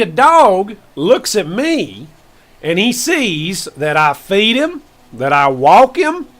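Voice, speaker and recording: Brief: male streamer playing old country farmer, Southern drawl, slow folksy pauses, bouncy high voice. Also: a bit bright, exaggerated voice. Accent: put-on Southern US rural. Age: older. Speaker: gaming streamer host in character. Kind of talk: comic character bit on a game stream.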